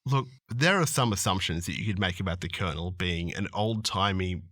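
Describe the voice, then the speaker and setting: A man co-hosting a podcast, playfully rambling and pitching wild ideas about tabletop games. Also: fairly quick, fairly bright tone, dry recording, clean studio sound. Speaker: podcast co-host.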